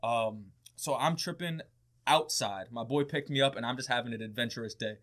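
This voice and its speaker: A young man telling a story in casual podcast chat, with a mid-range pitch. He talks animatedly, swears often and laughs along the way. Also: normal speed, fairly bright tone.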